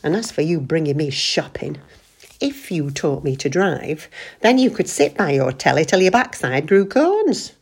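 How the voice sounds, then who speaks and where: A woman's voice: sits low, very animated, a little slow, breathy edge, exaggerated voice. A woman doing a scolding, anxious wife. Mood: exasperated. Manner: scolding, exasperated. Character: nagging, anxious middle-aged wife.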